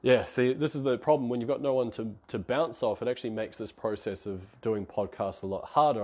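A man's voice: mid-range voice, a little mellow. A man, hosting a solo podcast in a chatty, rambling, self-deprecating way. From New Zealand. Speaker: podcast host.

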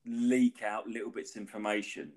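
A man's voice: lowish voice, steady tone, normal speed, a little mellow. A man co-hosting a podcast, chatting casually in a rambling way and swearing freely. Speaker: podcast co-host. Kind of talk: casual chat.

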